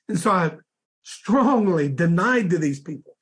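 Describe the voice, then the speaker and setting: A man, a minister, slowly recounting a dream in a sermon, halting and repeating words as he goes. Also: high voice, lively intonation, fairly bright tone, breathy edge.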